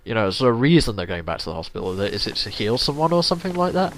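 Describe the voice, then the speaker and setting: With a mid-range voice and a racing pace, a let's play host rambles chattily through a video game, swearing frequently and with energy. Game music plays, and there's a little hiss or hum.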